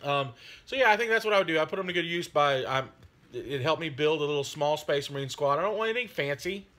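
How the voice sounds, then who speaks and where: A man's voice: fairly high pitch, animated, fast talker, sharp tone. A man hosting his hobby channel, chatting in a rambling, friendly way with many fillers. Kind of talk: casual chat.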